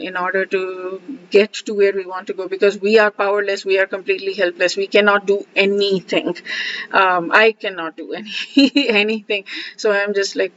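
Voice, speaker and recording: A woman's voice: mid-range voice, fairly bright tone, highs cut off. Earnest woman teaching scripture. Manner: earnest, enthusiastic, repeats phrases, many restarts. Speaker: host of a scripture study series. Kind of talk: casual devotional teaching.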